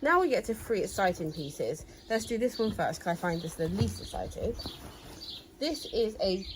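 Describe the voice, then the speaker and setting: With lively intonation and a medium-pitched voice at normal speed, this co-host of a reseller vlog excitedly presents items from her haul at home. She is chatty and enthusiastic, but the audio is poor, with slight background noise.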